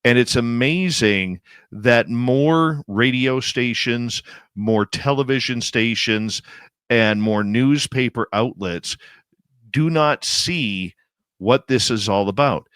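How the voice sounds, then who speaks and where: A man's voice: mid-range voice, slow, a bit bright, smooth, no echo. A male radio host talks with opinionated emphasis in a middle register. His voice is dry and close, with no room around it. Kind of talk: casual radio interview chat.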